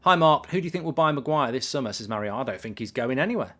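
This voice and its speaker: A man hosting a live football watchalong, chatting casually, telling stories and reading out viewer messages with swearing and lively asides. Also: medium pitch, quick pace, few pauses. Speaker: live stream host reading super chats.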